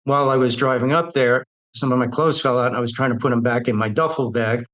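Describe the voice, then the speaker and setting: A man's voice: mid-range voice, fairly even intonation, fast talker, fairly bright tone, poor audio. An older man bluntly retelling his own life story, with streetwise, quoted dialogue. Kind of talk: personal storytelling.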